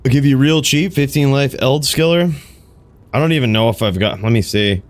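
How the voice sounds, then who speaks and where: A man's voice: medium pitch, moderate pace. A man streaming a video game, chatting casually with viewers, laid-back and swearing freely. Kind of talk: casual gaming commentary.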